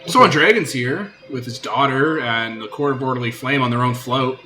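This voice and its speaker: A man's voice: medium pitch, moderate pace. A man running a tabletop game as game master, narrating with rambling asides and frequent laughter. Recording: loud background music.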